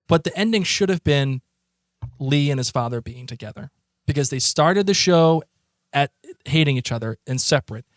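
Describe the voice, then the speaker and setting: A man with a Boston accent, co-hosting a podcast in a rambling, excitable casual chat. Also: fairly high pitch, normal speed, dry recording, clean studio sound. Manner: rambling, excitable, many restarts. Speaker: podcast co-host.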